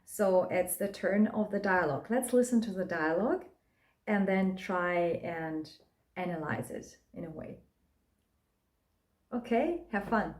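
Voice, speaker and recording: A woman teaching a beginner language lesson, repeating words slowly and clearly for learners. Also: fairly low pitch, darkish tone. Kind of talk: slow, deliberate language lesson.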